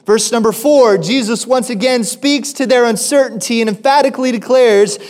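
A man's voice: sits high, normal speed. A man preaching a sermon, reading scripture and asking the congregation rhetorical questions. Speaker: pastor.

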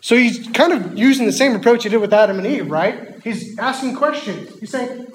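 A man preaching a children's sermon in a church hall, animated and asking the kids questions. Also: extremely high pitch, normal speed, hardly any pauses, a little hiss or hum.

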